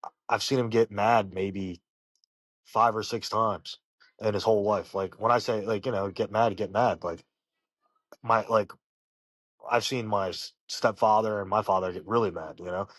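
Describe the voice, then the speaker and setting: A man, a professional fighter, telling personal stories in an interview, halting and full of fillers and restarts. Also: fairly low pitch, steady tone, a bit bright, dry recording. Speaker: professional fighter, podcast guest. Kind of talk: casual interview storytelling.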